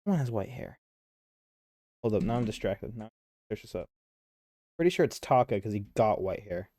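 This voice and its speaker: A man's voice: lowish voice, expressive, moderate pace, warm tone, no room sound, clean studio sound. A man streaming a game live, reading its dialogue aloud and chatting between lines, easily sidetracked.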